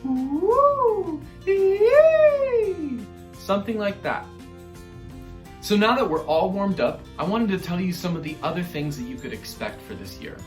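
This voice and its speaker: An upbeat male music teacher speaks straight to a class of young children, his slightly high voice rising and falling in a very lively way. The room rings with echo, and faint music plays underneath. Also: normal speed. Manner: upbeat, encouraging, addresses children directly. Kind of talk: online elementary music lesson.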